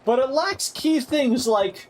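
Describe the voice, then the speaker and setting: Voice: high voice, expressive, slow pace. A friend on a gaming stream making dry, teasing remarks in casual chat.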